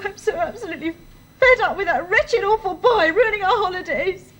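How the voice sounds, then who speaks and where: Casting: very high-voiced teenage girl, tearful and indignant, radio drama. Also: lively intonation, moderate pace, a little hiss or hum. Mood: distressed.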